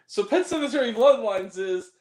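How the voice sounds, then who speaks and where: A man hosting a casual film review chat, animated and profane, quick to laugh and shout. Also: very high voice, echoey room. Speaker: podcast host.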